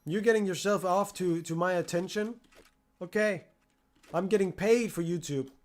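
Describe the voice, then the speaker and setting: Young man, livestreamer, angry profane rant, mocking tone, slightly higher voice, keyboard typing behind. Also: moderate pace. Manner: profane and exasperated, mocking his harassers.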